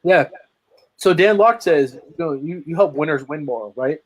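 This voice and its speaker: This guest, a lead generation marketer, has a slightly high voice and talks at a normal speed, though the audio is poor. Chatting casually on a video call interview, he recounts his story with energy, stressing words and restarting many times.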